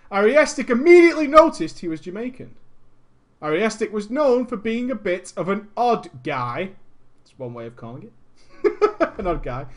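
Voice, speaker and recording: A man streaming, reading a viewer's story aloud with crude, swearing, jokey asides. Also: high-pitched.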